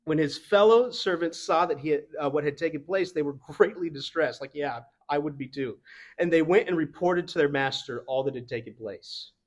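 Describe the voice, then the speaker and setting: A man's voice: fairly high pitch, normal speed, dull audio. A young adult man preaching a sermon in a casual, conversational way, with fillers and the odd laugh. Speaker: pastor. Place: church.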